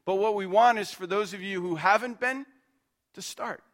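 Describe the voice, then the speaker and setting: A man's voice: high-pitched, normal speed, fairly bright tone. A man preaching a sermon as pastor, earnest and conversational, repeating his points and checking in with the listeners.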